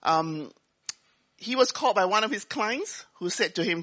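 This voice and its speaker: A woman giving a talk, telling a personal story in an animated way and acting out the dialogue. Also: medium pitch, moderate pace, lo-fi sound. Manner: animated, acts out dialogue, laughs often. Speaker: business speaker.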